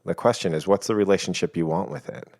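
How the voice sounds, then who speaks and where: A man talking as a podcast guest, explaining ideas in a calm, reflective and playful way. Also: deep voice, quick pace, vocal fry. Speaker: guest, coach. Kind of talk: reflective conversation.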